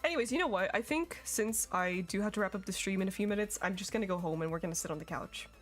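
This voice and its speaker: A woman's voice: medium pitch, quick pace, faint music behind. A young woman streaming a game, chatting casually and giggling as she reads her chat.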